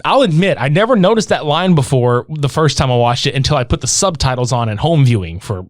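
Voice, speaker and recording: A man's voice: mid-range voice, a little fast, no room sound, studio quality. A man co-hosting a podcast, recapping a film in casual chat, full of swearing and acted-out quotes. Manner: animated storytelling, heavy swearing, acts out quotes. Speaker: podcast co-host.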